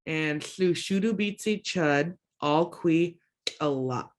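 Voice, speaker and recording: A woman teaching a language lesson online through a computer mic, slowly repeating words for learners and adding chatty asides in between. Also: rumbling low, lively intonation. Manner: slow drawn-out word repetitions for learners; chatty asides with self-teasing.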